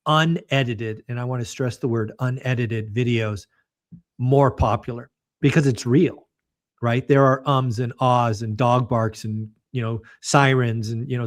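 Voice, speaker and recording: Measured male podcast host. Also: medium pitch. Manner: measured, reflective, with some filler words. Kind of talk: casual conversation.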